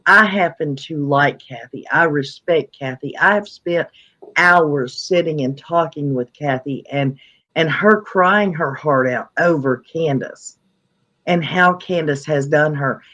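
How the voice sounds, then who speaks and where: A man speaking earnestly and deliberately in casual true crime commentary. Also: a little high, bright, forceful tone. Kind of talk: casual chat.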